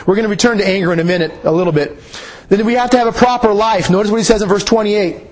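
Male preacher, husky and high-pitched, earnest and repetitive delivery. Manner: earnest, repeats phrases for emphasis. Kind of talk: sermon.

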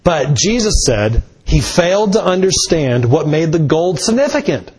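A man preaching a sermon in a slow, deliberate way, stressing key words with rising emphasis. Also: on the high side, very animated, a little mellow, husky.

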